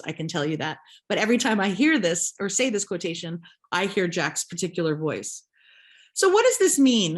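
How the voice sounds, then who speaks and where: A woman history professor giving a recorded lecture, emphatic, often ending points with a rhetorical "right?". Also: mid-range voice. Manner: emphatic, asks rhetorical questions with a tagged "right?".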